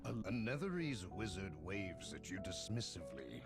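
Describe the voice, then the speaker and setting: A man's voice: low-pitched, very animated, normal speed. A man narrating a fantasy dungeon, with a theatrical delivery. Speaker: game narrator. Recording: game audio with loud music. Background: game music.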